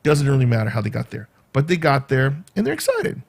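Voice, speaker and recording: A man vlogging casually, retelling a day out in a rambling, animated way with quoted asides. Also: medium pitch, a little fast, creaky. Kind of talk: casual storytelling vlog.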